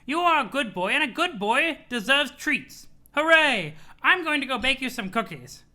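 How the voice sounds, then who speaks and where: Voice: sits high, sing-song, normal speed, sharp tone, voice pushed up, exaggerated voice. A streamer voicing a doting old grandmother ghost sprite in a webcomic read-aloud, sweetly patronizing and theatrical.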